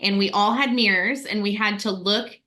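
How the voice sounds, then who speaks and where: A woman speaking as a webinar guest, explaining things in a clear and upbeat way. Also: mid-range voice, moderate pace, pushed and bright. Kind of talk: casual webinar conversation.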